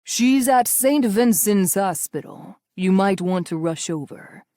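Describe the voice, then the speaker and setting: A woman voicing a sinister older man who speaks slowly in a silky, deep, taunting voice, as part of an audiobook reading. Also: expressive, warm tone, no room sound, studio quality. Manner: slow, taunting, amused.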